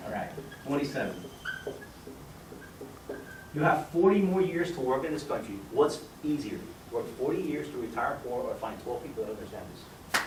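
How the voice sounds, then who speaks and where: A man giving a persuasive sales pitch at a meeting with guests, quizzing listeners by name with numbers and questions. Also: lively intonation, moderate pace, pauses often. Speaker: business opportunity presenter. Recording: echoey room, mic far off, faint background noise.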